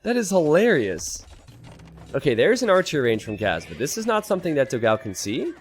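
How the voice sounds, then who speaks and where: An animated man commentating a strategy game match, his pitch swinging widely as he talks. He explains tactics in a casual tone and jumps into high, loud disbelief when something surprises him. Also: fast talker, soft background music. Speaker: game caster. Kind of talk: esports commentary.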